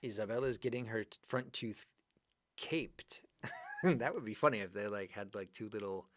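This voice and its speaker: A man teaching an English grammar class live, going over exercises and praising his students by name in a lively, chatty way. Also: on the low side, fairly quick, no room sound, clean studio sound.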